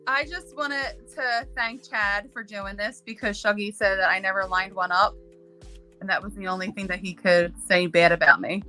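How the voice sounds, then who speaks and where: A woman guest chatting over her phone, expressive and self-deprecating. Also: medium pitch, normal speed, faint music behind. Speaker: guest player. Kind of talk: casual chat.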